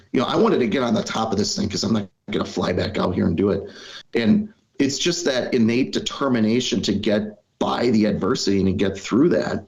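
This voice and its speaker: A middle-aged man from Wisconsin, a podcast guest telling his own story in an earnest, reflective way with plenty of "you know" fillers. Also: medium pitch. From Wisconsin, US Midwest. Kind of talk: personal storytelling in conversation. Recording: slightly dull, lo-fi audio.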